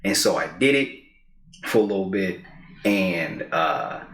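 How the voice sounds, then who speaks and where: A man speaks as he tells a story on a podcast. His bright, forceful voice swings widely in pitch, and he breaks into high character voices for quotes. The room around him sounds echoey. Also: animated, a little slow. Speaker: podcast co-host. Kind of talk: casual storytelling chat.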